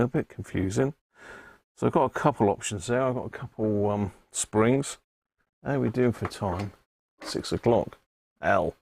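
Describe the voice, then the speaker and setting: A man's voice: on the low side, creaky, a little mellow, no echo. A man streaming live from his workshop, chatting casually and thinking aloud while he repairs an old radio. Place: home workshop.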